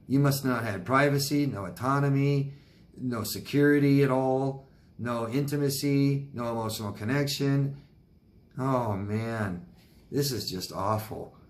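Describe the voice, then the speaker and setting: A male life coach of middling pitch gives blunt, emphatic advice to viewers. He says his key points again and again and mixes in sympathetic sighs and exclamations. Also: a little slow. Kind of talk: answering viewer questions on video.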